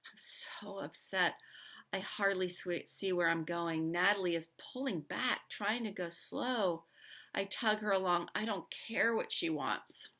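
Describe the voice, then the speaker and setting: A woman's voice: fairly low pitch, measured pace, bright, forceful tone. A woman teacher reading a novel aloud with expression, stopping now and then to comment on the story.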